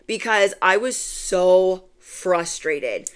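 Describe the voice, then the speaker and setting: A woman's voice: mid-range voice, expressive, slow pace, hardly any pauses, smooth. A young woman gives a tarot reading in a loose, chatty way. She rambles through encouragement, drops into little quoted asides and keeps saying "like" as she goes. Her voice sits in an ordinary middle range. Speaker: tarot reader. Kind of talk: casual spiritual reading to camera.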